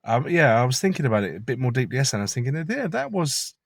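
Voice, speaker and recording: A man's voice: mid-range voice, big pitch swings, very fast, gravelly, no echo. A man talking in a chatty, rambling, conspiratorial monologue from inside his car. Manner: chatty, conspiratorial, swears casually. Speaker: vlogger.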